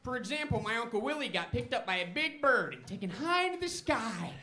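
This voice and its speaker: A man voicing a dazed, heavily medicated male turtle who rambles and giggles loudly in a stand-up comedy bit. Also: big pitch swings, brisk, heavily acted. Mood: giddy. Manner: shrill, loud and giggly.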